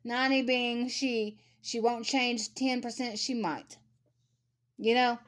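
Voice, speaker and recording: Speaking slowly with fairly even intonation, this thirtysomething vlogger has a slightly high voice. She rants bluntly to camera in casual commentary, saying things again to drive them home.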